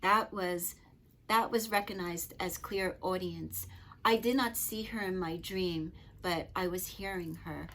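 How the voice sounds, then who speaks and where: A middle-aged woman and Reiki master telling personal stories to camera in an earnest, gentle, chatty way. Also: fairly low pitch, a little slow, a little hiss or hum. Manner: earnest, gentle, chatty with frequent "you know". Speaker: Reiki master and spiritual teacher.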